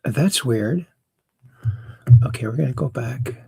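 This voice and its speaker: A man's voice: medium pitch, expressive, slow pace, gravelly, dark tone, a little hiss or hum. A man hosting a casual call-in livestream, chatty and rambling as he reads viewer messages aloud. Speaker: host.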